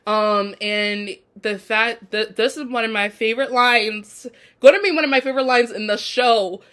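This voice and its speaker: A woman's voice: fairly high pitch, steady tone, moderate pace, fairly bright tone. A woman giving a casual video review of a TV episode, chatty and effusive with lots of fillers. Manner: chatty, effusive, frequent fillers like "um" and "you know". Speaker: TV show reviewer.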